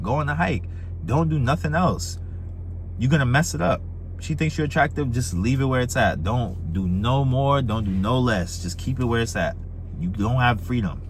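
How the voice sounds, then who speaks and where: A young man telling dating stories in a casual, animated way, acting out the quoted voices. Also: a little hiss or hum. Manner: animated, acts out quoted voices with big pitch jumps. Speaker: dating advice vlogger. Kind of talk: casual storytelling monologue.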